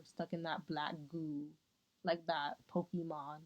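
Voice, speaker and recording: A woman's voice: sits low, level tone, slow. A young woman vlogging, telling a rambling story casually, often losing her thread. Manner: rambling, giggly, self-interrupting. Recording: dull lo-fi sound.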